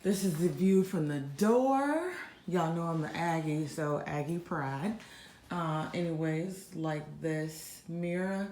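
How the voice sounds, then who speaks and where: Slow, mellow-voiced woman vlogging. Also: low voice, a little hiss or hum. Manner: chatty, slangy, lots of fillers. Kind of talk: casual hotel room tour vlog. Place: hotel room.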